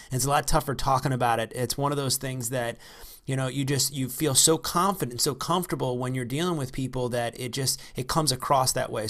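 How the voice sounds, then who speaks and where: Relaxed rambling man teaching negotiation. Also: mid-range voice. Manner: relaxed, rambling, with restarts and fillers. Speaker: real estate investor teaching negotiation. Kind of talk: casual instructional talk.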